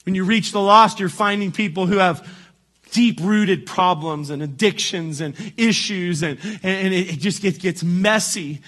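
A man preaches with a high, bright voice. He talks to the congregation conversationally, tossing in quick "right?" check-ins and starting sentences over as he goes. It comes across as a casual, direct sermon. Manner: conversational preaching, frequent "right?" asides and restarts. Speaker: pastor.

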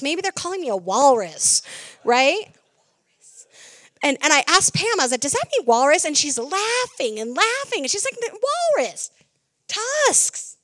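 A middle-aged woman preaches a sermon, recounting a lively story and quoting her own words with animated leaps in her voice. Her voice sits high, and the recording is dry.

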